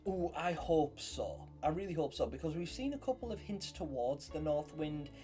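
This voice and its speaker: A young man hosts a casual live stream, rambling through stories and greeting viewers by name. His voice sits a touch higher than most men's. Faint music plays quietly under the chat. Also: animated, moderate pace. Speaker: livestream host.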